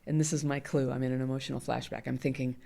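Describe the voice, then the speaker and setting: Woman, low voice, middle-aged, interview guest, candid, laughs often. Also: level tone, quick pace, vocal fry, dark tone. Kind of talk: conversational interview.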